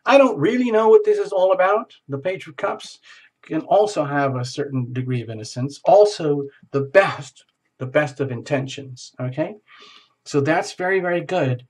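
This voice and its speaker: A man's voice: on the high side, animated, normal speed, a little mellow. A man giving a casual tarot reading in a playful, theatrical way, acting out little scenes as he goes. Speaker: tarot reader.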